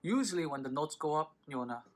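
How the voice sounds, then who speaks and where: A man's voice: fairly high pitch, animated, fast talker. A man teaching a violin lesson in a patient, informal way, with frequent fillers and self-corrections. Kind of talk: instructional tutorial. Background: violin playing between phrases.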